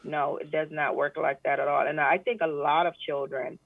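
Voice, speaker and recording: A woman guest talking earnestly in a casual interview chat, often animated and full of fillers. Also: sits low, moderate pace, gravelly, no echo. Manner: earnest, animated when retelling, many fillers. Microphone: phone call. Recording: tinny phone line.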